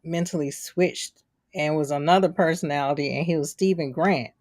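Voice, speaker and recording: A low-pitched woman co-hosting a podcast, in casual chat. She retells scenes with animation and acts out the lines she quotes. The sound is dry and close. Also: moderate pace, darkish tone, dry recording. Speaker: podcast co-host. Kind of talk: casual chat reviewing a TV episode.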